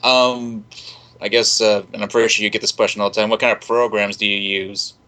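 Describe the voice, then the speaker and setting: Give me a quick, apologetic man with a low, flat, bright voice. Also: poor audio. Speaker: guest animator. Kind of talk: casual podcast interview.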